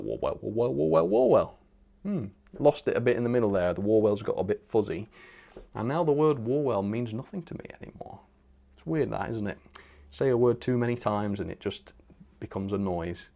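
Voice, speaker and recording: A man hosts a live stream in a loose, rambling way, reading out viewer comments and chuckling as he goes. His voice sits a little on the low side. The talk is relaxed and off the cuff. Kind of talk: casual live stream chat.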